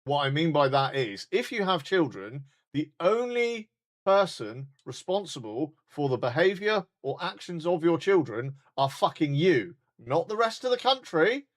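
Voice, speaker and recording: Sweary British man ranting, high voice. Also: very animated, unhurried. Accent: British English. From United Kingdom. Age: 40s. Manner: heated, sweary, blunt ranting. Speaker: streamer. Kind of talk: ranting live stream chat.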